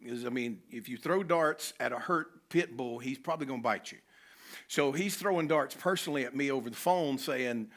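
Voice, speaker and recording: Bright-voiced man telling stories. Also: mid-range voice, moderate pace. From North Carolina, US. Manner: animated, emphatic storyteller. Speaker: conference speaker. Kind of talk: personal storytelling talk. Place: conference venue.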